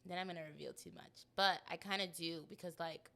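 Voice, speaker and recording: A woman's voice: fairly low pitch, steady tone, a little fast, creaky, pushed and bright. A young woman co-hosting a podcast in casual chat, blunt and slangy, laughing often. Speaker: podcast co-host.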